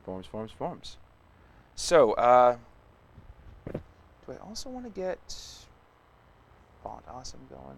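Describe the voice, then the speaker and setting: A man's voice: mid-range voice, very animated, moderate pace, pauses often. A man thinking aloud as he codes on a live stream, muttering, humming and chatting casually. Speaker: live stream host coding. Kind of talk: casual live coding commentary.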